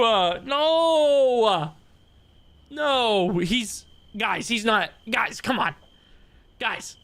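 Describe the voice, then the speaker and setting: A man streaming a video game live, talking to his chat with loud excited outbursts and lots of swearing. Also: extremely high pitch, drawn-out words, dry recording. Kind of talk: live gameplay commentary.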